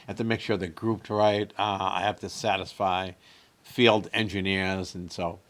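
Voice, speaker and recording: A man's voice: deep voice, little pitch movement, normal speed, a bit bright. A man in his late sixties, a comedian, chatting casually and telling rambling stories that he acts out with quotes. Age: 60s. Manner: rambling storyteller, fond of acting out quotes. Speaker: comedian guest. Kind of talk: casual chat.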